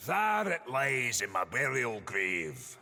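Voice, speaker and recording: A man voicing a grim undead skeleton warrior in a game, speaking in a gravelly, slow, solemn way. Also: mid-range voice, wildly swooping pitch, bright, forceful tone, pitched below the performer's own voice, exaggerated voice. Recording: long reverb with faint music.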